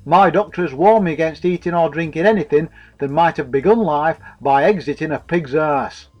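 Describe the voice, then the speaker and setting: A man's voice: a little high, moderate pace, dull audio, close to an everyday voice. A man doing a blunt sweary lad, raised voice. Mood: disgusted.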